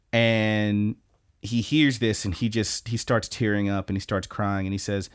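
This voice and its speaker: A man co-hosting a podcast, recapping anime episodes in a lively, casual way with lots of ums and restarts. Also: lowish voice, a little slow, clean tone, dry recording, clean studio sound. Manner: animated retelling, many ums and restarts. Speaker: podcast co-host.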